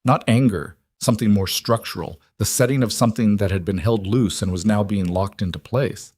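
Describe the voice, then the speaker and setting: A man narrating a story in a steady, deliberate audiobook reading. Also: lowish voice.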